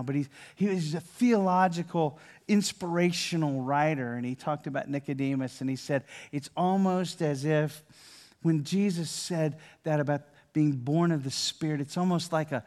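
An older man preaching a sermon in a conversational way, often repeating and restarting words, dropping to a hushed voice for key lines and rising loud and animated at others. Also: a little high. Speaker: pastor.

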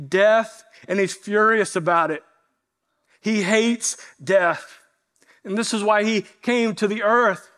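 A man preaching a sermon, telling stories earnestly and slowing down to stress key points. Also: sits high, fairly bright tone. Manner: earnest storytelling preacher, slows for emphasis. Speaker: pastor.

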